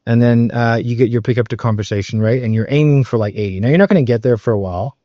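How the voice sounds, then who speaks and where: A man's voice: medium pitch, fast, mellow, no echo. A man coaching on sales in casual talk, emphatic and loose, with frequent fillers, swearing and "right?" tag questions. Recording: dull, slightly muffled recording.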